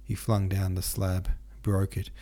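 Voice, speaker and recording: A man's voice: deep voice, monotone, measured pace, dark tone. A man narrating a classic novel as an audiobook, reading steadily with occasional stumbles and restarts.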